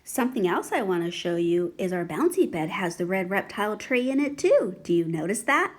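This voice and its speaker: A woman with a soft, slightly breathy voice leads a phonics lesson for young children. Her pitch swings widely and playfully as she asks patient, coaxing questions. She sounds out each letter slowly and with care. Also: big pitch swings. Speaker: teacher.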